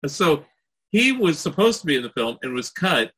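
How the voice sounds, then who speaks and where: A man's voice: a little high, very animated, normal speed, a bit bright, slightly rough, poor audio. A man telling a rambling anecdote in casual chat, full of "you know" and small laughs. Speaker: podcast guest.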